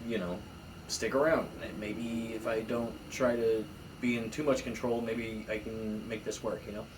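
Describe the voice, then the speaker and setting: A man in his thirties telling stories in casual podcast chat, acting out quoted lines with big jumps in pitch. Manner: animated storyteller, acts out quotes with jumps in pitch. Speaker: podcast co-host. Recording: distant mic with faint room noise.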